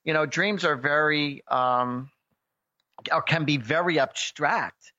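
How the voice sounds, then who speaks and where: A man co-hosting a radio call-in show, chatting casually and telling stories with lively exclamations. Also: a little high, takes it slowly, no room sound, muffled recording. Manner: animated storyteller, exclaims often. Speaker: radio show co-host, psychic reader.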